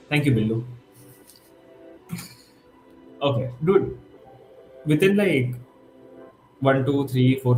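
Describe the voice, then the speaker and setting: A man in his twenties streaming a live coding session, thinking aloud and getting excited, mixing in Hindi words. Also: medium pitch. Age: 20s. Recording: roomy with faint music behind.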